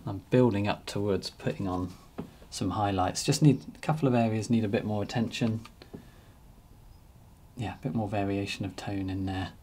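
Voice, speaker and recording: A man narrating a painting demonstration as he works, relaxed and thinking aloud. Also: on the low side, normal speed, a little hiss or hum. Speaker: painting teacher.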